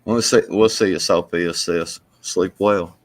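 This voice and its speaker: Male co-host, low voice, animated and profane storyteller. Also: unhurried. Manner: animated, profane yarn-spinning. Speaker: stream co-host. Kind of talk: casual storytelling to chat.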